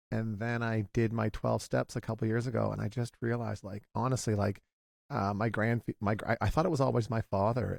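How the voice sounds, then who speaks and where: Gravelly halting man in his forties. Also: fairly low pitch, a little mellow, no room sound, clean studio sound. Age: 40s. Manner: halting and confessional, with frequent restarts. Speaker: guest. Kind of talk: candid conversation.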